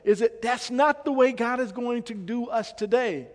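Male pastor, sermon, high pitch for a man, emphatic questioning delivery, long hall reverb. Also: normal speed. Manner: emphatic, repeats phrases and asks the congregation questions.

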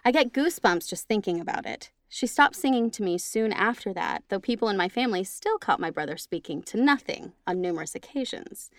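Blunt, teasing woman with a lively voice. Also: medium pitch, a little fast, few pauses, no echo, clean studio sound. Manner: blunt, teasing, swears freely. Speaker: podcast co-host reading listener stories. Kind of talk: casual chat and story reading.

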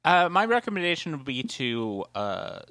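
A man's voice: medium pitch, very animated, normal speed, bright, forceful tone, dry recording. A man co-hosting a casual podcast chat, joking and self-mocking. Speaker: podcast co-host.

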